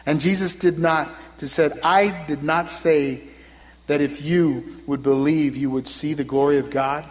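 A man preaching a sermon, earnest and building to loud, emphatic passages. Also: fairly high pitch, steady tone, measured pace. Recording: long hall reverb.

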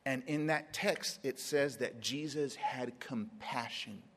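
Man preaching with dramatic pauses. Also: medium pitch, fairly bright tone, big-room sound, slight background noise. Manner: dramatic pauses, acts out Bible scenes in quotes. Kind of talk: sermon.

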